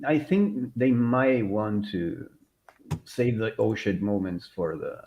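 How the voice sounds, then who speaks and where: A man's voice: fairly low pitch, slow, darkish tone, lo-fi sound, slight background noise. A man co-hosting a casual podcast, with joking, sarcastic asides. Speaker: podcast co-host. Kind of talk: casual chat.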